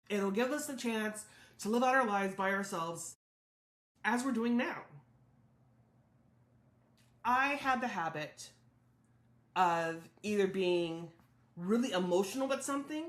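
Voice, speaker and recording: A woman's voice: mid-range voice, reverberant. A woman hosting a solo podcast, talking candidly and reflectively about her own thoughts and feelings. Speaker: podcast host.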